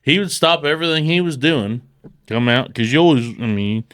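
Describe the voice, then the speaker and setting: Smooth-voiced man, profane and rambling. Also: mid-range voice, animated, brisk, fairly bright tone, dry recording, studio quality. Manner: profane, rambling, mimics quoted speech. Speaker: podcast guest. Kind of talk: casual storytelling.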